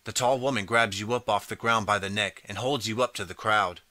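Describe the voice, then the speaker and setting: A man reading a choose-your-path storybook aloud in the second person, steady and clear. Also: on the low side, brisk, no room sound. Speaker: audiobook narrator.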